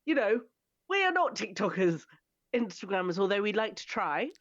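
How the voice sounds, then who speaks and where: A woman in her thirties, a podcast co-host in casual chat, chatty with quick agreeing interjections. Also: medium pitch, big pitch swings, dry recording, lo-fi sound.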